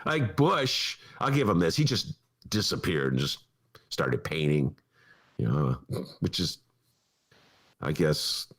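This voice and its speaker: A male talk show host in casual political chat, rambling and animated, laughing often. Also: a bass voice, slow, pauses often, slightly rough.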